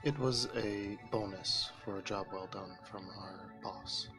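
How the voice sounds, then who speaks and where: A man playing his character at a tabletop game, giving quiet, terse, flat replies. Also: on the low side, unhurried, music in the background. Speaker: player.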